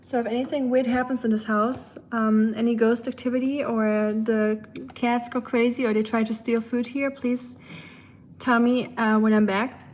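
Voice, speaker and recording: A woman from Germany, speaking with a German accent, cooks in her kitchen and talks casually to livestream viewers via a phone on the counter. Her voice is on the high side with a darkish tone, little pitch movement and a moderate pace. She's talkative, laughs frequently, and reads out and responds to the chat.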